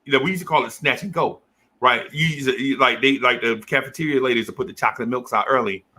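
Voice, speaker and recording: A man's voice: mid-range voice, quick pace, sharp tone. A middle-aged man telling a childhood story in casual chat, acting out the people in it with lots of slang. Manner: acts out teachers and kids in quoted voices, heavy slang.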